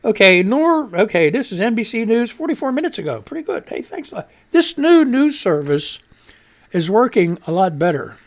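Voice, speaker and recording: A man in his sixties, hosting a live radio stream, reads viewer tweets and chats casually, profanely, and ramblingly, often laughing at himself. He sounds high-pitched and very animated, at a moderate pace.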